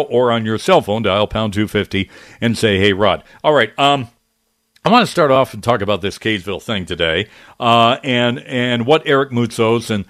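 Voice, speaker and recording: A middle-aged man hosting a talk radio show, talking in an animated, indignant, conversational way with frequent restarts. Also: mid-range voice, dry recording, clean studio sound. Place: radio studio.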